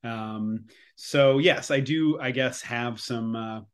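A man with a Canadian accent, in his thirties, chatting as an actor guest in an interview, relaxed and rambling with fillers. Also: mid-range voice, takes it slowly, clean tone. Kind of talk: casual interview chat.

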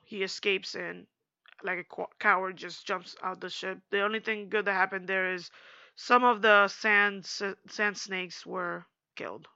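Bright-voiced young woman, casual recap. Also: mid-range voice, clear, resonant tone, dry recording, lo-fi sound. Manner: animated, slangy, acts out quotes.

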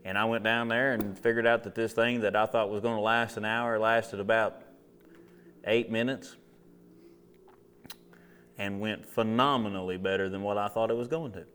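A man with a low voice preaches casually to a gathered audience, telling stories and acting out his own inner dialogue. He throws out rhetorical questions as he goes. A faint ambient hum sits behind him. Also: fairly even intonation, normal speed, pauses often, a bit bright. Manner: conversational storytelling with rhetorical questions. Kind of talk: casual sermon.

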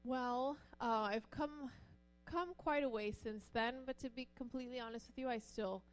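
A middle-aged pastor's wife telling personal stories to a church audience, acting out the voices in her stories. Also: moderate pace. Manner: animated, acts out quoted voices with rising pitch.

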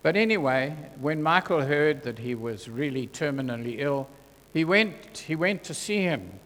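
A man preaching a sermon in a church, earnest and deliberate, his voice dropping soft when he quotes scripture. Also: a little high, lively intonation. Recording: long hall reverb.

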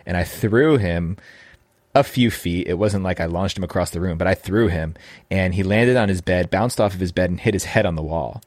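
A man's voice: low voice, normal speed, no echo. A man in his thirties, a podcast host, earnestly telling a personal story about fatherhood with frequent restarts.

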